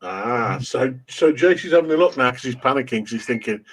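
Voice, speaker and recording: This chat-stream host, a middle-aged man with an English accent, swaps stories with friends in casual conversation, cursing liberally and laughing a lot. He speaks briskly in a mid-range voice with lively intonation, over slight background noise.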